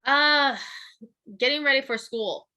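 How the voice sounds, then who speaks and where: A woman chatting as a guest in a casual interview, bubbly and talkative. Her voice is bright and forward. She keeps an easy, friendly flow. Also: high voice. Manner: bubbly, chatty, quick laughs. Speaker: guest, teacher and cosplayer.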